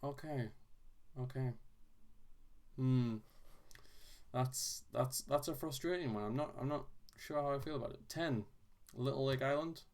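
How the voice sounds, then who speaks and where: Thinking aloud while tackling a crossword on video, this man is casual and halting, frequently restarting and making self-deprecating remarks. He has a mid-range, darkish voice.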